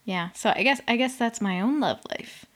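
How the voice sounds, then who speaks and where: A young woman with a fairly high, bright voice and lively intonation recaps a reality show on her podcast at normal speed. She's casual and sarcastic, swears a lot, and fills her talk with "like."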